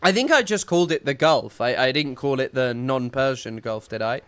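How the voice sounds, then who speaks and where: A man's voice: mid-range voice, lively intonation, moderate pace, a bit bright, smooth. A young man, rambling and sarcastic in casual live-stream commentary, full of restarts and fillers. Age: young adult.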